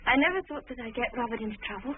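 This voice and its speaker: An actress playing a timid, stammering young bride. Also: female voice, a little high, very fast, lightly acted. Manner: hesitant, stammering, apologetic. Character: shy, timid young bride, unsure of herself. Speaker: young wife. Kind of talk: 1940s film drama. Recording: tinny old film soundtrack with hiss.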